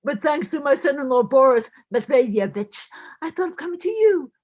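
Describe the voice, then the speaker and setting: Woman doing a tearful old widow, high voice, swooping up and down, whining and pleading, play reading. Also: animated, normal speed, darkish tone, lo-fi sound. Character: pleading elderly widow petitioner.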